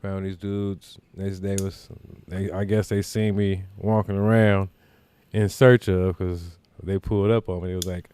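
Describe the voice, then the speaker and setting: Deep-voiced man telling a profane story. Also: little pitch movement, a little slow, warm tone, clear, resonant tone. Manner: profane, rambling anecdote with frequent asides. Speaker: podcast host. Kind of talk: casual storytelling.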